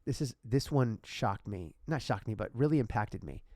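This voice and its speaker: A man's voice: on the low side, animated, moderate pace, mellow, no echo, clean studio sound. A man hosting a casual podcast, telling a personal story in a heartfelt, emotional way. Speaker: podcast host.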